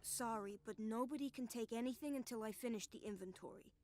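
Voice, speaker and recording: An actress playing a brisk, officious hospital nurse who speaks formally. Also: female voice, a little high, a little mellow, slight background noise, lightly acted. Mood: brusque.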